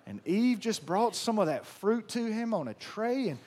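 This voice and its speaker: Pastor guy preaching, kinda high voice, goes quiet for apologies then gets loud. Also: sing-song, moderate pace. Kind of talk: sermon.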